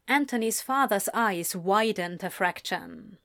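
Slow, measured woman reading aloud. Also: medium pitch, fairly bright tone, no echo, studio quality. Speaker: narrator. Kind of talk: storybook reading.

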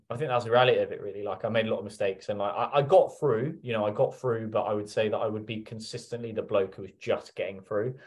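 A man telling stories as a podcast guest in casual interview chat, swearing heavily and acting out his own past remarks. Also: fairly low pitch.

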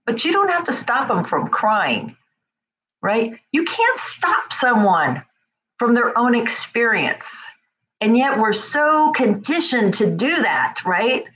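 A woman gives a conversational self-help talk with a lively, swooping pitch. She speaks straight to her listeners and keeps checking in with them. Her delivery is animated. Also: slow, low-quality recording. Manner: animated, acts out quoted voices; talks straight to the listener with frequent "right?".

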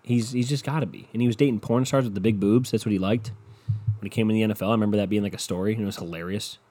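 A man's voice: on the low side, steady tone, very fast, warm tone. A young man hosting a podcast, ranting casually and sarcastically about football with lots of swearing. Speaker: podcast host. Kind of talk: casual sports rant.

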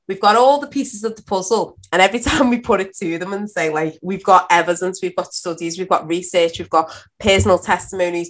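Animated British woman telling a story. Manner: animated storytelling, laughing, rising to high exclaims. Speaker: guest. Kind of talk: casual conversation.

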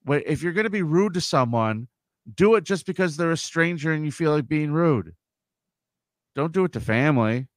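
A man co-hosting a casual comedy podcast, playful and quick to joke and riff. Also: fairly high pitch, expressive, no echo. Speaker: podcast co-host.

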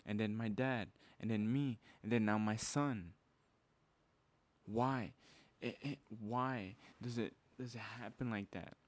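Fired-up casual young man, low voice. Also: takes it slowly, no room sound. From Mexican heritage. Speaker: podcast host. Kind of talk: motivational podcast monologue.

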